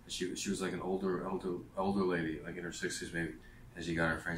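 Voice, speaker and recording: A man with a very deep voice tells a loose, rambling personal story straight to camera. He stops and restarts his sentences and leans on fillers, and the sound has a roomy echo. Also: flat delivery, fast, a little hiss or hum. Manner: meandering, many fillers and restarts. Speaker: vlogger.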